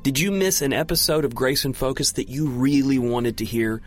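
A man's voice: medium pitch, normal speed. A man hosting a religious radio show, reading an upbeat promotional outro in the studio. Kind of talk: announcer outro. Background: background music.

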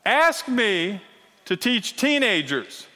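A middle-aged man teaching a sermon-style lesson, animated and teasing, often checking in with the crowd. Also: high-pitched, slow pace, a little hiss or hum. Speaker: Bible teacher. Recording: long reverb of a large hall.

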